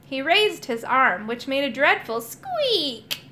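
A woman narrating a children's storybook chapter aloud in an expressive, animated manner. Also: high-pitched, slow pace.

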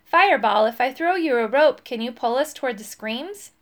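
A woman's voice: sits high, expressive, moderate pace. Woman doing a keen wizard guy, kinda formal, perky and raised. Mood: eager.

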